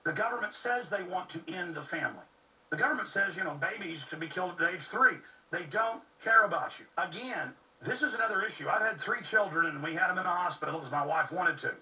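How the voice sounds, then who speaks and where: A man with a high, expressive voice speaks fairly quickly as a talk radio host in a fervent rant. He hammers points with urgent repetition, and the recording sounds muffled, distant and lo-fi.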